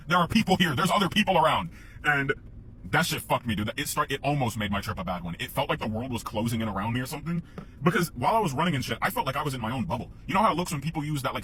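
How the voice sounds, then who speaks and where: A man's voice: mid-range voice, pushed and bright, a little hiss or hum, rough recording. A man telling a casual, rambling story to camera, swearing freely and often laughing.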